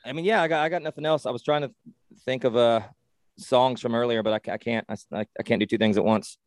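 A man co-hosting a podcast in casual sports chat, rambling and excitable with lots of swearing and restarts. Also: medium pitch, fast, dry recording. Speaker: podcast co-host.

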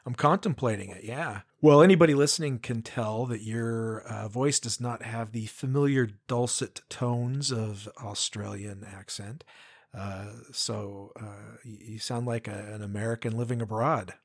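A male podcast host with a somewhat low, husky voice. He talks in a relaxed, unhurried way, filling his pauses with many hesitations as he introduces a story and chats with his guest. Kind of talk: casual interview and show intro.

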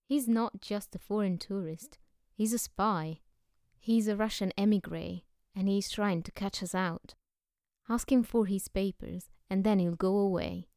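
Woman reading as a suspicious young poet, blunt and urgent, clear dry voice. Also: mid-range voice, unhurried, a little mellow, no echo, natural voice. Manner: blunt and urgent, often whispering.

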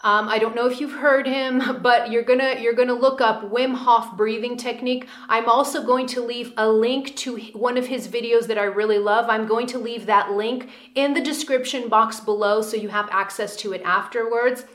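A woman talking straight to her viewers as a spiritual coach, in a voice pitched a little high. She keeps checking in with "okay?" and laughs lightly between her points. The room around her rings with echo. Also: fairly even intonation, moderate pace, few pauses, a bit bright. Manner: coaching, with frequent "okay?" and "all right?" check-ins. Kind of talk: direct-to-camera advice video.

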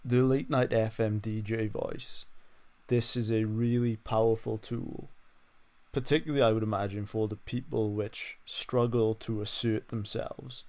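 Eager male host, low voice. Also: steady tone, unhurried, a little mellow. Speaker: interview host. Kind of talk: casual interview talk.

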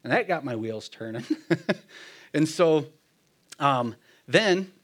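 Speaking slowly with an expressive, fairly bright voice, a man recounts his own testimony of faith. His manner is relaxed yet sincere, full of laughter, and he describes himself as hard-headed. He talks plainly, quoting himself and a friend in a hushed murmur.

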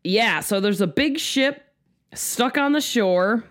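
A woman's voice: fairly high pitch, expressive. A woman co-hosting a casual chat podcast, reading news stories aloud with jokes and frequent laughter. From Minnesota. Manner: jokey, laughs often, slow deliberate reading.

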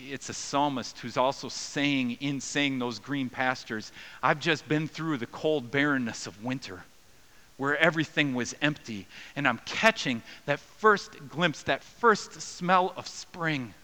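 Bright-voiced male pastor preaching earnestly. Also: medium pitch, rough recording. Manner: earnest, dynamic preaching with soft drops and raised cries. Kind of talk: sermon.

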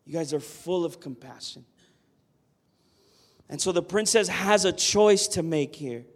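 A man's voice: fairly high pitch, unhurried. A man preaching a sermon, earnest and emphatic, often asking the listeners "Amen?". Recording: long hall reverb.

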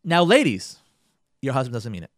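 A man's voice: medium pitch, big pitch swings, a little fast, dry recording, clean studio sound. A man hosting a radio advice talk, speaking emphatically, repeating phrases and acting out quotes from husbands and wives. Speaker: radio host giving marriage advice. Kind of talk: Jewish community radio talk.

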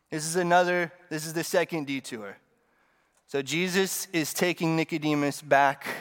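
A man preaching a sermon in a relaxed, conversational way, with joking asides to the congregation. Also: on the high side, clean tone, big-room sound.

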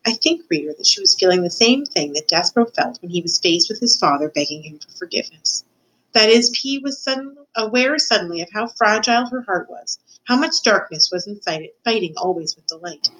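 A woman's voice: medium pitch, animated, brisk, fairly bright tone, low-quality recording. A woman reading a children's novel aloud, telling it expressively and voicing the characters herself. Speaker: reader.

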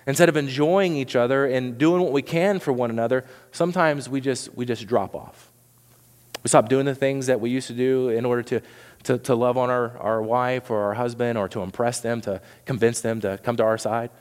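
A man's voice: mid-range voice, fairly even intonation, normal speed, a little mellow. Man, pastor, preaching, earnest, repeats words, echoing church hall. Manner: earnest, repeats words when pressing a point. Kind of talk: sermon. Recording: long hall reverb.

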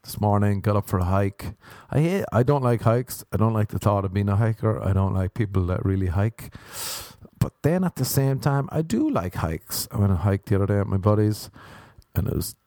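A man's voice: lowish voice, animated, fairly quick, warm tone, no echo. A young Irish man hosting a podcast, telling rambling, self-mocking stories on his own. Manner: meandering, self-mocking storytelling. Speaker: podcast host. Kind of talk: rambling solo podcast monologue.

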